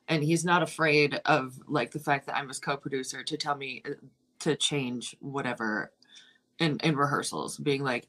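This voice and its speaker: Woman in her thirties, actress, casual interview, candid and effusive, swears freely. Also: low-pitched. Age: 30s. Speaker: actress and co-producer.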